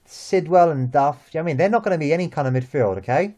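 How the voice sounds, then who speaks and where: A young man with a London accent, chatting about football as host, lively and full of restarts and repeated words. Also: a little high, very fast. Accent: London English. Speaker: vlog host. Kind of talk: casual football chat.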